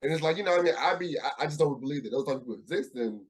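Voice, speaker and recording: A man's voice: a little high, rapid-fire. A man co-hosting a casual podcast chat, thinking aloud and reflecting with frequent restarts. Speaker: podcast co-host.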